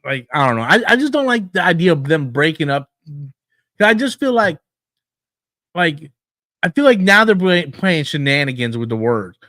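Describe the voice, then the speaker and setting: A man co-hosting a casual wrestling podcast, blunt and profane, who mocks promoters in quick put-on voices. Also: on the high side, sing-song, sharp tone, dry recording. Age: older than co-host, calls himself old school. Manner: blunt, swears freely, mocks in put-on quotes. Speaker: podcast co-host.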